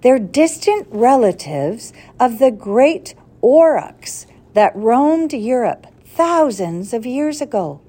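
A woman reading an old male professor, eager and knowing, storybook read-aloud, unhurried, lively swoops in the voice. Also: a little high, heavily acted. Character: excited elderly male professor explorer.

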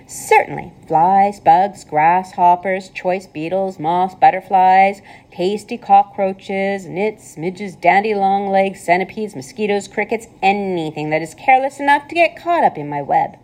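A woman voicing a pleasant, clever female spider with a thin voice, calm and matter-of-fact in a storybook read-aloud. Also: medium pitch, measured pace, few pauses, lightly acted. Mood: calmly explaining.

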